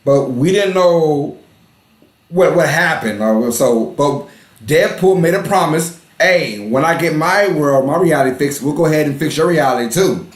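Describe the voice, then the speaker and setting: A man chats casually as a podcast co-host, his voice a touch high and swinging widely as he laughs and repeats himself for emphasis. The room around him rings with a noticeable echo. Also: animated, moderate pace. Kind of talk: casual movie review chat.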